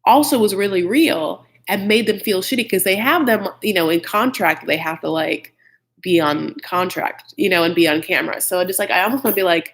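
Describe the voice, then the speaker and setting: A man's voice: sits high, a little fast, creaky, fairly bright tone. A man hosting a live chat recap of a reality show, gossipy and blunt, with frequent "like" and mocking impressions of the cast.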